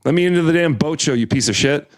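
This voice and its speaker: A man's voice: on the high side, fast, no room sound, clean studio sound. A man from Michigan telling exasperated, profane stories in a casual chat. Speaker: podcast co-host.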